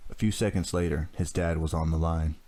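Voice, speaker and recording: A man reading a teen thriller aloud as an audiobook narrator. His voice sits very low, and the reading is measured and steady. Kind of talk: scripted narration.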